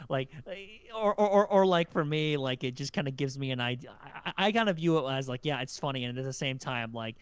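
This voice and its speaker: A man hosting a podcast in casual chat. He tells rambling stories full of fillers and the odd curse. His voice is smooth and clear, and it sounds dry and close. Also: mid-range voice, animated, a little fast, hardly any pauses, no room sound. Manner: rambling storyteller, lots of fillers, swearing, laughs. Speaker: podcast host.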